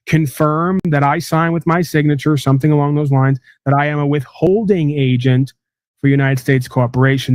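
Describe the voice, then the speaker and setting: A man's voice: on the high side, darkish tone, dry recording. Rambling male livestream host, dry sound. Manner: rambling, lecturing, many fillers. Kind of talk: livestream lecture and call-in.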